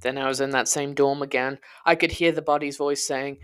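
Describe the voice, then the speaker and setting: Podcast narrator, first-person storytelling, quiet and intense, confessional, medium pitch. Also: level tone, fairly quick, few pauses, smooth.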